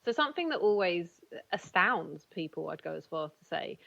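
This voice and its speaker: A woman's voice: lowish voice, very animated, moderate pace, creaky, a bit bright. A woman with a South London accent, a guest coach chatting candidly and laughing easily on a podcast. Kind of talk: casual chat. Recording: dull lo-fi sound.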